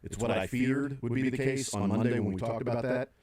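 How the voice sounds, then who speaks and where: A man's voice: medium pitch, fairly quick, darkish tone. A middle-aged man hosting sports talk radio, rambling through his points with many fillers and restarts.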